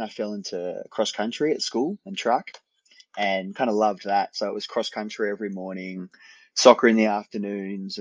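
An Australian man in his thirties talks in a relaxed, rambling way, often restarting his sentences. His voice sits fairly low, and the sound is close and dry with no room around it. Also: no echo, poor audio. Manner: easygoing, rambling with restarts and laughs. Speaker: podcast guest, endurance athlete. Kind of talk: casual interview chat.

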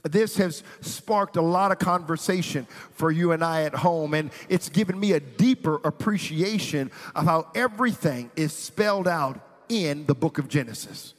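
A man's voice: a little high, moderate pace, hardly any pauses, big-room sound. A man preaching a sermon as pastor, reading scripture and building intensity with playful asides. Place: church sanctuary.

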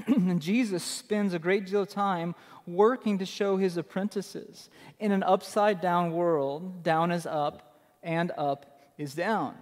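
A man's voice: high voice, steady tone, slow pace, big-room sound. A man preaching a sermon as pastor, emphatic and conversational, repeating his key phrases for effect.

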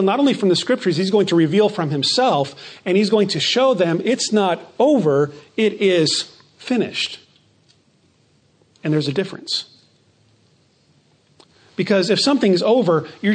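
A man preaching a sermon, stressing key phrases by slowing down and dropping to a quieter voice. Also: high-pitched. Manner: emphatic preaching, slows on key phrases and drops softer. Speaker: pastor.

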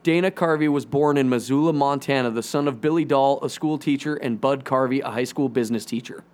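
A man's voice: mid-range voice, a little fast, a little mellow. Profane teasing male podcast co-host. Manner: profane, teasing, laughs often. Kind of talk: casual podcast banter.

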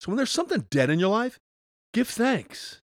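A middle-aged man, a pastor, preaching a podcast sermon in an energetic, emphatic way with sudden rises. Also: high voice, normal speed, no room sound.

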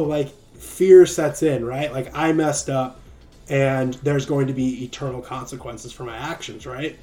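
A man's voice: mid-range voice, fairly even intonation, unhurried, mellow. A man hosting a livestream and preaching casually, loose and joking, with frequent "right?" tags. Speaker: livestream host.

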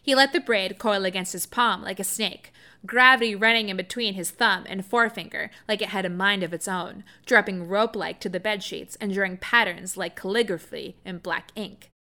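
Bright-voiced woman reading romance aloud. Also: medium pitch, moderate pace. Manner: soft, expressive storytelling with frequent laughs and excited asides. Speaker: reader.

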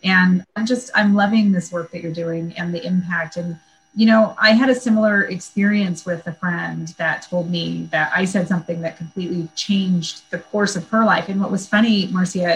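A woman in her forties hosting an interview, speaking in a warm, affirming and reflective way. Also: fairly low pitch, slight background noise, low-quality recording. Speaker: podcast host. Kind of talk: casual interview chat.

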